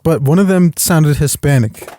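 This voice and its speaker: A man guesting on a casual movie review podcast, easygoing and quick to laugh and agree. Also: a little high, mellow. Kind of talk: casual chat.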